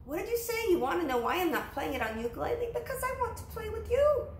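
Woman, Southern US accent, children's sing-along, playful and gentle, roomy echo. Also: extremely high pitch, very animated, fast, slight background noise. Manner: gentle, playful, sings then chats. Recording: roomy sound with faint ukulele.

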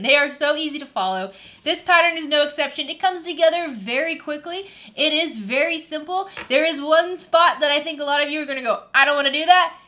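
A woman's voice: high voice, sharp tone. A woman hosting a sewing tutorial, chatty and enthusiastic, with lots of casual fillers. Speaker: sewing channel host.

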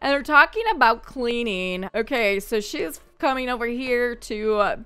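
Brief: woman game host, bright crisp voice, chatty play-by-play commentary. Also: a little high, soft background music. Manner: chatty, thinking aloud, quick to laugh. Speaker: gaming channel host. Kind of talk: gameplay commentary.

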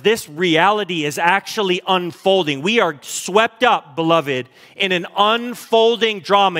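A fervent male pastor preaches from a church stage, his voice sitting high for a man. He races through lists, then slows to lean hard on each word of scripture, with exclamations between points. His words ring out with a long reverb from the large hall. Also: fairly bright tone. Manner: fervent, exclamatory, fast bursts then slow emphatic readings. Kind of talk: sermon.

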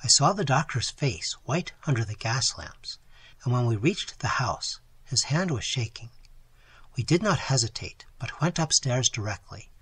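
A man reading a gothic novel aloud in a dramatic, expressive style, his voice strained from long sessions. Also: medium pitch, unhurried, breathy edge. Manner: dramatic, animated storytelling. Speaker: audiobook narrator.

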